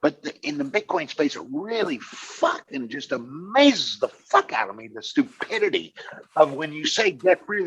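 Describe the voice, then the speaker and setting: Middle-aged man, blunt and profane, husky voice, lively pitch, slightly dull lo-fi audio. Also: moderate pace. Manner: blunt and profane, restarts often. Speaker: podcast co-host. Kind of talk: casual chat.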